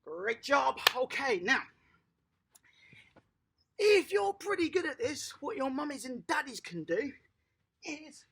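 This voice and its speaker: A children's tennis coach, giving a lively, encouraging home lesson and praising the young players outdoors in a garden. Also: high-pitched, slow, pauses often.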